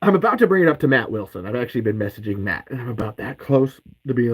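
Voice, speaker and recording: A man's voice: medium pitch, expressive, fast talker, husky, low-quality recording. A man hosting a podcast, ranting in anger with heavy swearing and repeated curses. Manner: profane, heated, repeats curses. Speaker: podcast host. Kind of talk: angry ranting podcast monologue.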